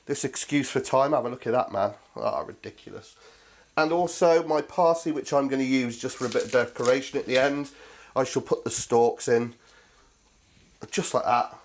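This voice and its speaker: A man's voice: mid-range voice, moderate pace. A man hosting a cooking show, chatting casually and jokily to viewers as he cooks. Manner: chatty and jokey, talks to viewers as mates.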